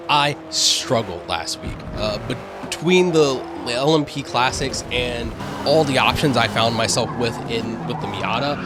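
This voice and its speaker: Dry-voiced man reading a weekly recap. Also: mid-range voice. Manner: dry, matter-of-fact delivery with wry asides. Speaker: gaming channel host. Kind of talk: scripted voice-over recap.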